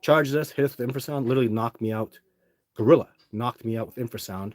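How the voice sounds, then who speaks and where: A man's voice: medium pitch, fast talker, no echo. A middle-aged man hosting a livestream, telling long rambling stories to his live chat with lots of restarts and fillers. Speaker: livestream host. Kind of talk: casual storytelling to a live chat.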